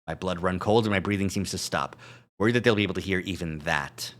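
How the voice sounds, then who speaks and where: Reading narration from a visual novel on his live stream, a man chuckles and drops in joking asides. He has a low, fairly bright voice and a fast delivery.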